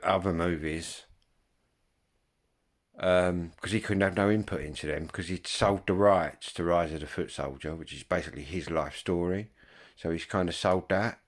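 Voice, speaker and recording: A man, chatting casually to viewers in a rambling way, full of ums and swearing. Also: low-pitched. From Kent, England. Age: 50s. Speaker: vlogger.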